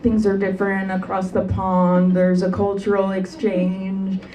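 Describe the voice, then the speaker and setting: A young woman doing a brash, deadpan stand-up comedy set in a club. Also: medium pitch, unhurried, muffled recording, slight background noise. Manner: deadpan, brash, sharp punchlines. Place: comedy club stage with live audience. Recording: distant live club recording with crowd.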